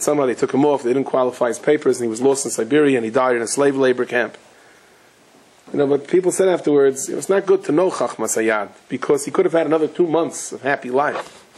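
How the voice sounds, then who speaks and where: A rabbi giving a Torah lecture, telling stories in a lively way with Yiddish and Hebrew terms mixed in. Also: male voice, medium pitch, breathy edge, poor audio. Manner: animated storytelling, sprinkled with Yiddish and Hebrew terms.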